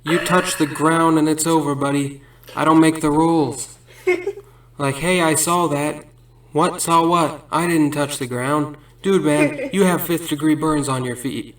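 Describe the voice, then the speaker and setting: A man's voice: on the high side, fairly even intonation, measured pace, fairly bright tone. A man telling a string of absurd stand-up jokes in a rambling way, laughing at his own punchlines between bits. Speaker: comedian. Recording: roomy sound from a distant mic.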